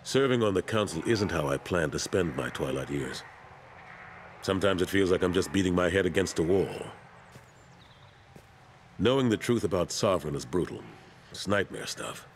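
An actor voicing a weary older male soldier turned councilor in a video game, speaking calmly and earnestly. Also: sits low, moderate pace, pauses often, slight background noise.

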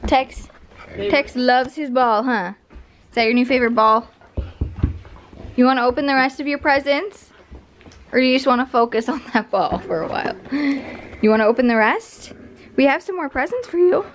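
A woman's voice: high-pitched, moderate pace, pauses often, a little hiss or hum. A woman filming at home at Christmas, coaxing her dogs to open presents and voicing their thoughts in a playful way. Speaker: vlogger. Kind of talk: home video, talking to pet dogs.

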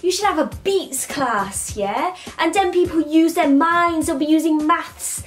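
A woman's voice: extremely high pitch, unhurried. A woman doing a rambling comic monologue full of slang, ending lines with 'mate' and 'yeah?'. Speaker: vlogger playing a comic persona.

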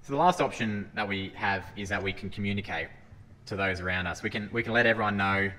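An earnest man preaches a sermon, reading scripture aloud and often restarting his phrases. His voice sits a little low yet sounds bright and forceful. It carries a long hall reverb over a faint room hum. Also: fast. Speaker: lay preacher. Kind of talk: sermon talk.

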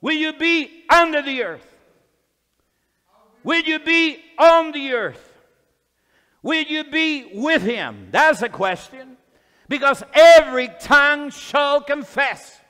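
A man's voice: very high-pitched, expressive, slow, pauses often, bright, forceful tone. A man preaching a fervent sermon and reading scripture aloud in a church hall. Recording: long hall reverb.

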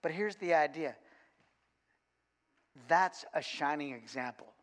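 A man, a coach, giving a sermon in a church and telling a lively, funny story with frequent restarts. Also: a little high, slow pace. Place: church sanctuary. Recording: long church reverb.

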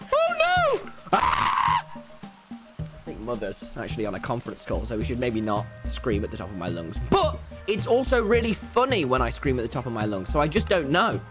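A young man streaming a game live, talking loudly and excitably to his chat in a brash, boastful way. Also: medium pitch. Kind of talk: livestream gaming commentary.

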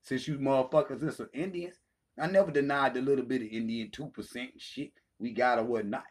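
A man's voice: medium pitch, brisk. A man hosting his own channel, delivering a heated, profane callout rant, taunting and swearing freely. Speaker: channel host. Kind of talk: profane ranting callout video.

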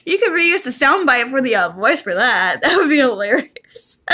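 Playing a game on her YouTube channel, a woman chats casually, talks to the characters and her cat, and keeps giggling until she breaks into helpless laughter. She sounds high, sing-song, pushed and bright, and doesn't hurry.

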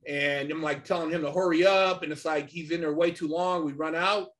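A man's voice: on the high side, steady tone, a little fast, a bit bright. A man, a podcast guest, telling a story in a casual, slangy way, full of "man" and "you know".

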